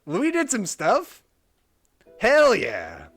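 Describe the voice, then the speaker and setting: A man's voice: sits high, wildly swooping pitch, extremely slow, vocal fry, fairly bright tone. A man streaming a game live, reading its text aloud and joking about it as he goes. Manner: jokey, reads game text aloud and riffs on it. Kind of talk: casual live-stream commentary.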